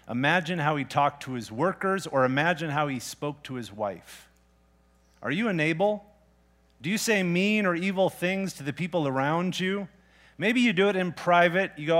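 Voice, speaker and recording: Conversational male preacher with a higher voice. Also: a bit bright. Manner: conversational, plain-spoken preaching with rhetorical questions. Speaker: pastor. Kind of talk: sermon.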